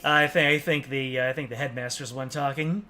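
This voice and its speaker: A man's voice: medium pitch, fairly even intonation, brisk, bright, forceful tone. A man streaming a game, chatting casually and joking while sometimes reading the game's text aloud in a put-on newscaster voice. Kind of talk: casual let's-play commentary.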